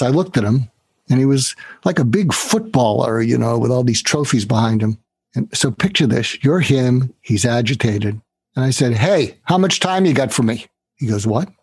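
A man's voice: medium pitch, vocal fry, slightly rough, dry recording. An older man telling a story as a guest in an interview, acting out the voices of the people in it. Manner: animated storyteller, acts out quoted voices. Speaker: guest, author.

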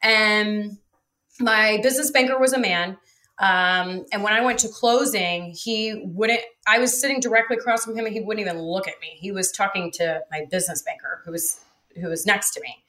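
Woman, interview guest, frank storyteller, bright voice, filler words. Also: medium pitch, moderate pace. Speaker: guest, real estate developer. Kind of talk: casual interview talk.

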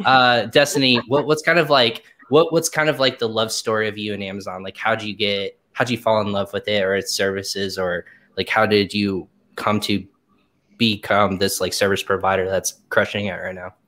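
A woman's voice: a bass voice, fairly even intonation, moderate pace, a bit bright. A young woman hosting a casual panel chat, playful and laughing, full of likes and fillers. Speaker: host.

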